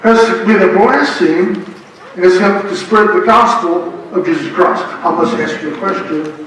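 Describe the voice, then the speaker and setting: A man's voice: sits high, normal speed, a bit bright, distant mic, a little hiss or hum. A man preaching a sermon and telling stories, joking with the congregation. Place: church sanctuary. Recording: echoey church heard from afar.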